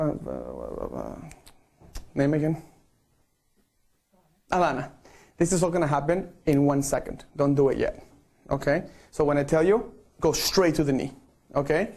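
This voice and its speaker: Man, slightly high voice, photographer coaching a group, playful and coaxing. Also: gravelly, darkish tone. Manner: playful, coaxing, repeats okay. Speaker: photographer directing a group shoot. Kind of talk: live-streamed instruction.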